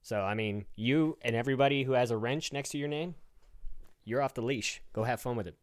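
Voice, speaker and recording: A man's voice: mid-range voice, brisk. A man hosting a casual live-stream town hall, talking loosely with a guest and his chat. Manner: relaxed, loose, laughs easily, talks to chat.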